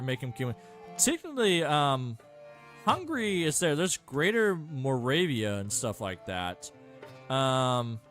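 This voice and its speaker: Male gameplay streamer, animated swoopy delivery, rambling and self-deprecating, soft music bed. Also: a little high. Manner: rambling, self-mocking, thinks aloud with many fillers. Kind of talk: casual gameplay commentary.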